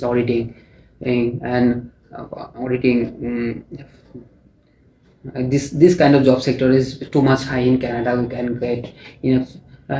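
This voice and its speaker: A young man with a Bangladeshi accent answering a mock speaking exam, halting and often restarting his phrases. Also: medium pitch, mellow. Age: young adult. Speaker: test candidate. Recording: echoey room with faint noise.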